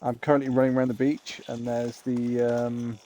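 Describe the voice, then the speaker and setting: A man streaming a game, chatting casually and telling rambling, excitable stories. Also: mid-range voice, normal speed. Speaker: streamer playing a survival shooter. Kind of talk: casual gameplay chat. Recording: game sounds loud behind the voice.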